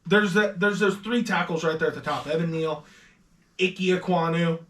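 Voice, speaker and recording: A man's voice: fairly high pitch, steady tone, normal speed, a bit bright, echoey room, distant mic. A man hosting a casual podcast mock draft, giving confident, opinionated picks with the odd swear. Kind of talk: casual sports chat.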